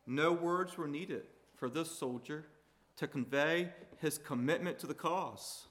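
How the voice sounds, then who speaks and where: A man's voice: a little high, a little slow. Emphatic preacher man in a reverberant hall. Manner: rises to loud emphatic peaks, drops to quiet. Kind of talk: sermon.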